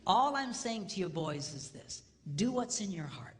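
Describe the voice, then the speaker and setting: Animated man speaking in a reverberant hall. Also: sits high, moderate pace. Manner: animated, acts out voices, drops to a whisper for emphasis. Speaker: seminar speaker. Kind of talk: comedic marriage seminar.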